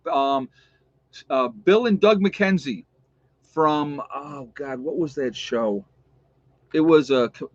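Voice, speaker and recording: A man's voice: mid-range voice, dry recording. A man with an upstate New York accent, rambling in a chatty, casual way to his viewers and laughing often. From New York State. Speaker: vlogger. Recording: dull lo-fi sound.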